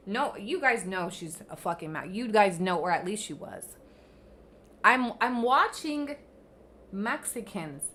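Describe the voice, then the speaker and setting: Young woman going off on her livestream, fired up and cussing, higher voice, bright sharp tone. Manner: fiery, profane, emphatic, repeats herself. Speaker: livestream host. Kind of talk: heated commentary rant.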